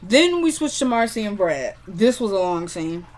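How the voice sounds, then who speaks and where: A woman's voice: mid-range voice, very animated, normal speed. A woman chatting casually as she recaps a TV episode, retelling scenes line by line with lots of "like" and "he goes.".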